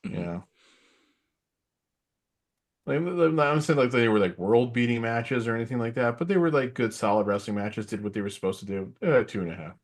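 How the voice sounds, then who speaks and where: A man's voice: medium pitch, fast talker, few pauses. A middle-aged man co-hosting a podcast, chatting casually about wrestling in a rambling way with lots of fillers. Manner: rambling, filler-heavy, animated asides. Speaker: podcast co-host.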